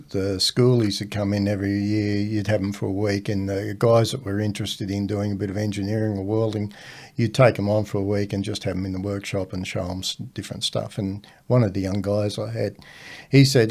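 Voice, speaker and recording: Laughing older Australian storyteller. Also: male voice, lowish voice, a little fast. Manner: animated yarn-spinner who laughs at his own stories. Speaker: podcast guest. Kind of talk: casual storytelling.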